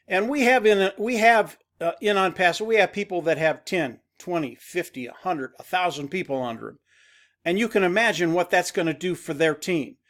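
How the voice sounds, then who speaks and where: A middle-aged man with a fairly high voice talks up a business opportunity straight to his audience. He is eager and insistent, stumbling over words and restarting his phrases as he goes. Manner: enthusiastic, repetitive, frequent restarts. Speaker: network marketing promoter. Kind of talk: direct-to-camera pitch talk.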